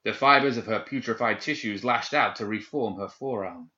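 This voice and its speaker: A man narrating a dark fantasy story in a measured, dramatic reading. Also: fairly low pitch, reverberant. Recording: dull lo-fi recording.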